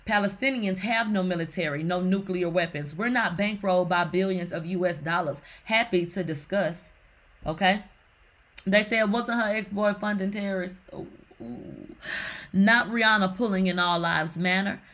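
A woman's voice: medium pitch, moderate pace. A woman hosting casual gossip commentary in a sassy, slangy way, reading out online comments and reacting to them. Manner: sassy, animated, slangy, reads comments aloud. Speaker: commentary host.

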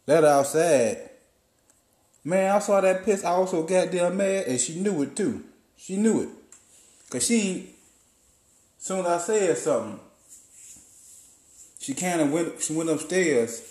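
Profane, roomy-sounding podcast storyteller man. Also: a little high. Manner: profane, animated storyteller acting out quotes. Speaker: podcast host. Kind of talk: profane comic storytelling monologue. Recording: roomy echo.

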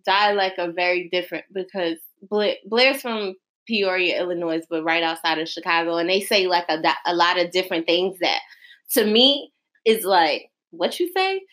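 A woman from New York with a New York accent, co-hosting a casual chat and telling stories in a blunt, profane, animated way. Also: lowish voice, moderate pace. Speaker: podcast co-host.

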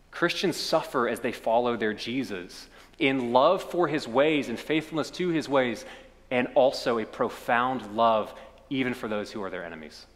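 Kentucky man preaching, mid-pitched, long church reverb. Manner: storytelling preacher, swells then drops to quiet. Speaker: pastor. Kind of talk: sermon.

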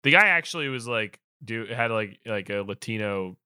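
A man's voice: on the low side, moderate pace, clean tone, dry recording, studio quality. A man co-hosting a podcast, telling a story in casual chat and acting out the people in it. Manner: animated, acts out quoted people with swearing and laughs. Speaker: podcast co-host.

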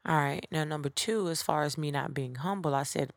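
Low gravelly woman, blunt and sassy. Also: brisk, no room sound, clean studio sound. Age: adult with children. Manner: blunt, profane and candid; sassy, speaks straight to listeners. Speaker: podcast host. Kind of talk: casual storytelling monologue.

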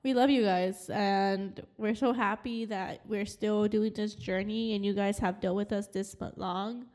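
A woman's voice: mid-range voice, unhurried. A woman co-hosting a podcast in casual chat, talking through a stuffy nose, swearing and laughing as she tells stories. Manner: swearing, laughing, animated storytelling. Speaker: podcast co-host. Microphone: studio mic.

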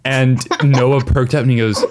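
A man's voice: mid-range voice, steady tone, a little slow, darkish tone. A man hosting a casual podcast chat, upbeat and joking as he leads the questions. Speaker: podcast host.

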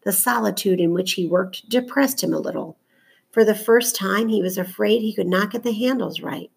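A woman narrating a children's novel aloud in a measured, steady storytelling voice. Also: mid-range voice, creaky, husky. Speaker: audiobook narrator.

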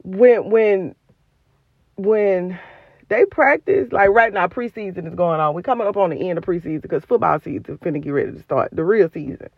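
A woman's voice: fairly low pitch, normal speed, husky, no echo, phone-quality sound. A woman hosting a podcast, giving an emphatic, repetitive, preacherly motivational talk recorded on her phone. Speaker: podcast host.

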